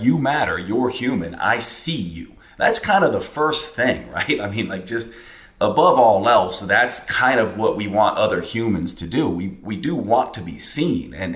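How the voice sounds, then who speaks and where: A man's voice: lowish voice, fairly bright tone, reverberant. A man hosting a podcast, telling a personal story in a casual, reflective way with plenty of fillers and restarts. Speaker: podcast host.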